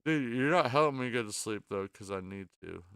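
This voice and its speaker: This late-night podcast host is worn out and sleepy, yet his mid-range voice is animated, fairly quick, fairly bright, clear and resonant. He rambles through the casual chat, swearing and stammering while apologizing. The recording is clean studio sound with no echo.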